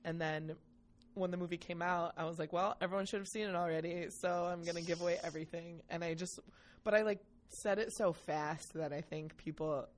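A young adult woman, a podcast guest and comedic performer, chatting casually, animated, self-mocking and swearing freely. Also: lowish voice, brisk. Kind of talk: casual chat.

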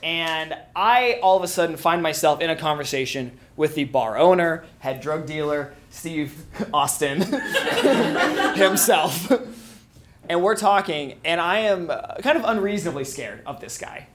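Lively high-voiced man telling a story. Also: measured pace. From Springfield, Missouri. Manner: laughing at his own story. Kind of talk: live comic storytelling.

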